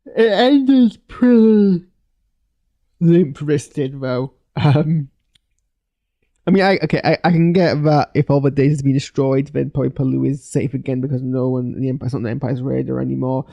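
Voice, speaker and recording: A man giving a loose, hesitant live reaction to a TV episode, full of fillers and restarts, with sudden bursts of excitement. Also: medium pitch, a little fast, gravelly, dull audio. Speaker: video reviewer. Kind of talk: live post-watch reaction.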